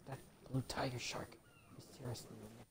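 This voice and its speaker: A man's voice: mid-range voice, steady tone, fast, vocal fry, a bit bright, a little hiss or hum. A man giving casual let's play commentary, swearing a lot at the game and dropping into muttered, half-whispered asides.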